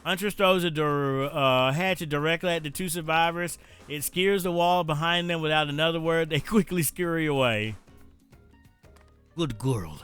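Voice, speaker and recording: Guy streamer reading a dating game out loud, kinda high smooth voice, joking around, faint music under it. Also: normal speed, hardly any pauses. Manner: playful, joking asides. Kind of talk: let's-play reading game text aloud with jokes.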